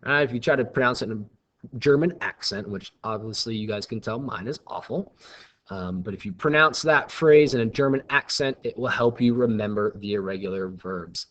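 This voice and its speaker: A man teaching Spanish in a recorded lesson, who speaks slowly and stresses each new word as he introduces it. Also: mid-range voice, a bit bright.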